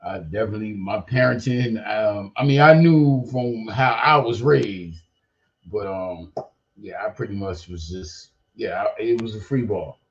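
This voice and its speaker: A man's voice: fairly low pitch, unhurried, lo-fi sound. An older man hosting a podcast, talking in a loose, rambling, slangy way full of profanity and "you know what I mean.". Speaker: podcast host. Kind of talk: casual livestream chat.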